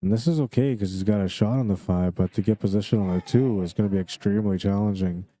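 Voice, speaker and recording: A man with a Canadian accent giving relaxed, chatty live commentary on a pool match and greeting viewers by name. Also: on the low side, fast talker.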